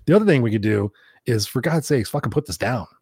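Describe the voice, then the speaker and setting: A man's voice: medium pitch, lively intonation, fast, a little mellow, breathy edge, no room sound, clean studio sound. A man co-hosting a podcast, chatting casually, telling rambling personal stories with a bit of swearing. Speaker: podcast co-host and coach.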